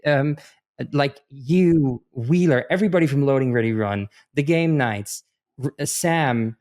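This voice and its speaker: A man chats casually as a guest on a podcast. His voice sits at an ordinary middle pitch. He tells animated, rambling stories and often stops and restarts his sentences. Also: a little slow. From Netherlands.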